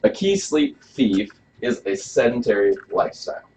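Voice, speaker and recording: Casual and questioning, a chiropractor presents a health workshop to a small live audience in a room. His medium, mellow voice moves through big pitch swings at normal speed, and the recording is dull and lo-fi.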